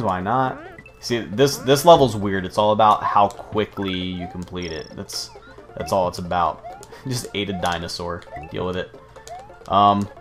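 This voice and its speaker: An American man with a fairly low voice, narrating a video game playthrough. He wanders between tangents and the game, cursing casually as he talks. Faint music sits in the background. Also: fairly bright tone. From United States. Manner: rambling, profane, easily sidetracked. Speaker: let's play host. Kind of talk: gameplay commentary.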